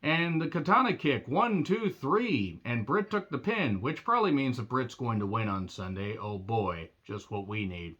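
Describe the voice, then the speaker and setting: A man giving a casual recap of a wrestling show, sarcastic and blunt, often clearing his throat. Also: mid-range voice, lively intonation, normal speed, hardly any pauses, a bit bright, dull audio.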